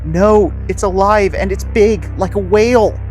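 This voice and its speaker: Man doing a scared teen boy, high, jumpy, urgent; storybook read-aloud. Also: unhurried, a little mellow, soft background music. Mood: insistent. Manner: frightened, urgent.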